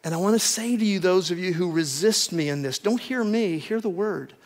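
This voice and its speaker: A man's voice: high voice, a little fast. A man preaching a sermon, earnest and emphatic, building points through repeated lists.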